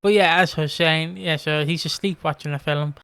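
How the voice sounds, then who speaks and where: A man's voice: a little high, fairly even intonation, fairly quick, a bit bright, clear, resonant tone, no room sound. An Irish man co-hosting a podcast, chatting casually as he recaps episodes and acts out the characters' lines. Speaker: podcast co-host. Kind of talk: casual chat recapping a soap.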